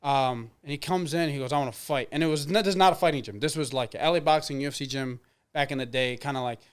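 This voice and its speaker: This man in his twenties, an MMA fighter being interviewed, speaks quickly in a smooth, medium-pitched voice. He tells rambling casual stories stuffed with fillers, performing the dialogue he quotes.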